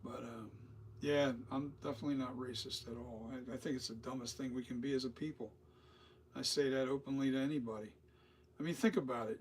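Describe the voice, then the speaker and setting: A middle-aged man talking casually and loosely, swearing and repeating himself as he rambles. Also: medium pitch. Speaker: host. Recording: distant mic with faint noise.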